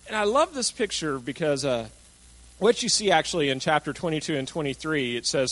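A man preaching a sermon, telling a Bible story in an animated way and acting out the voices of the people in it. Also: fairly high pitch, moderate pace, low-quality recording. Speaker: pastor.

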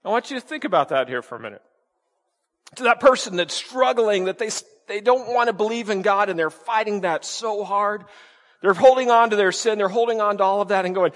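Fairly quick and a bit bright, a pastor's slightly high voice drives an emphatic sermon. He keeps posing rhetorical questions and repeating his key words to add weight, and a long hall-like reverb follows every phrase.

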